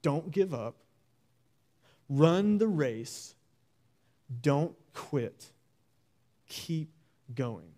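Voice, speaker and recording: A young man delivers a sermon with earnest, exhorting energy, leaning on slow, emphatic repeats. His voice sits a little high for a man, yet its tone is dark and mellow. He talks plainly, with the odd filler, in the way of a preacher speaking to his congregation. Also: expressive.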